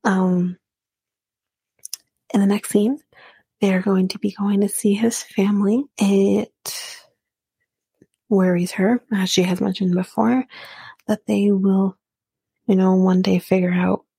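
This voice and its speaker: A woman's voice: medium pitch, gravelly, dark tone, breathy edge, dry recording. A woman hosting a podcast, casually recapping a reality show in a chatty, opinionated way, swearing freely and saying um often.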